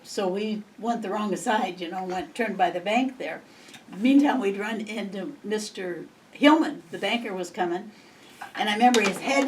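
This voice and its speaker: A woman's voice: medium pitch, normal speed. Rambling older woman from Montana, off-mic. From Montana, USA. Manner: rambling, chuckling reminiscence. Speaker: interviewee. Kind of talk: oral history storytelling. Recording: distant mic, faint background noise.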